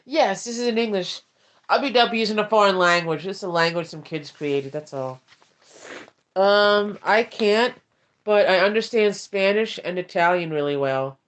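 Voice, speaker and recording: A woman ASMR streamer chatting in a soft-spoken, rambling manner during a livestream. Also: medium pitch, unhurried. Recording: dull lo-fi stream audio.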